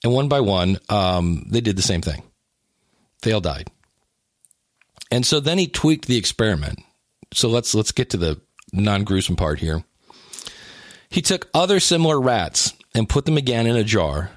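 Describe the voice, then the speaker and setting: A man's voice: fairly low pitch, big pitch swings, normal speed, pauses often, no echo, clean studio sound. A man talking casually about exercise and weight loss, with joking, self-deprecating asides and frequent restarts. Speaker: health and weight-loss talker. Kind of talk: casual monologue.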